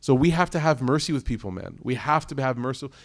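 A man's voice: medium pitch, expressive, fast. A man giving an Islamic talk to an audience of families, telling stories animatedly and speaking directly to the crowd. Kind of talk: storytelling lecture to an audience of families.

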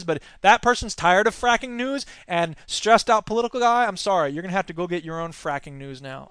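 A man hosting a news commentary podcast, reading stories with sarcastic, animated asides. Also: high-pitched, a little fast, few pauses, clean tone, dry recording. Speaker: podcast host.

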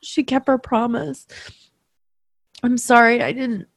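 A woman working as a medium, tenderly recounting a reading to the person she read for, emotional and halting. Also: on the high side, fairly even intonation, dry recording.

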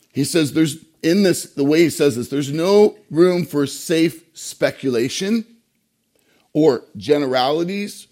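A male pastor delivering a sermon, emphatic, with rhetorical questions and pauses. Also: fairly high pitch, a little mellow.

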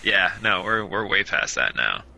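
A man's voice: deep voice, very animated, normal speed, vocal fry, pushed and bright, poor audio. A man co-hosting a casual podcast, playful and often laughing. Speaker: podcast co-host. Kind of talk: casual chat.

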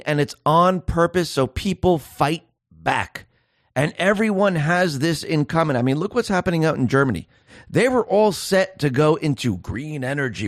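A man's voice: fairly high pitch, expressive, normal speed, dry recording, studio quality. A man hosting a political commentary monologue. He speaks emphatically, fires off rhetorical questions and acts out the voices of ordinary people.

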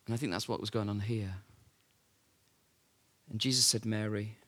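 A man's voice: fairly low pitch, fairly even intonation, normal speed, sharp tone. A man preaching a sermon, telling the story in a conversational way with rhetorical questions and fillers.

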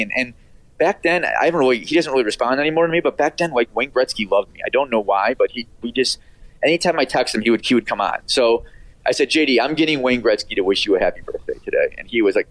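Middle-aged male radio producer, interview guest; rambling anecdotal delivery packed with fillers and quick impressions, mid pitch, dry sound. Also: lively intonation, a bit bright, dry recording. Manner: rambling, filler-heavy, acts out quoted voices. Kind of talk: casual storytelling interview.

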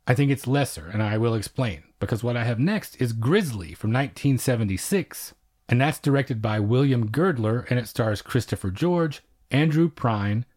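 A man's voice: medium pitch, a little mellow. A man co-hosting a podcast, chatting casually and wryly about horror films. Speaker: podcast co-host. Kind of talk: casual film review chat.

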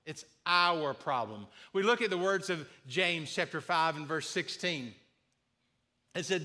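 Male pastor, sermon delivery; bright, somewhat high voice, earnest and repetitive for emphasis. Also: expressive, unhurried. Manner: earnest, repeats key phrases, acts out sample apologies.

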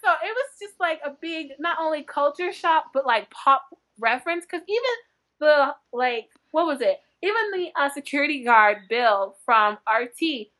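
A woman book blogger chatting as a podcast guest, telling lively stories with frequent laughter and acted-out quotes. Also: sits high. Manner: animated, laughing often, acts out quotes. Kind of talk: chatty podcast interview storytelling.

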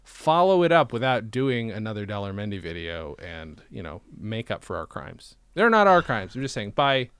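A man chatting on a podcast, his pitch bouncing all over as he jokes and rambles. The sound is close and dry, with no room around it. He slips into silly put-on voices now and then. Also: very animated, normal speed, hardly any pauses, a bit bright, clean tone, no echo. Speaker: podcast co-host. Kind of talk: casual chat.

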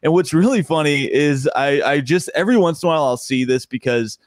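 A man's voice: fairly high pitch, brisk, no echo. A man, a stand-up comedian, chatting casually in a podcast interview, rambling and restarting his sentences and laughing often.

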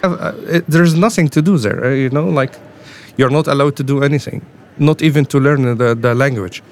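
A man speaking English, telling of his detention in halting speech full of repeated words and fillers. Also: mid-range voice. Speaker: interviewee, former detainee. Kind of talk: personal testimony. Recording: faint music underneath.

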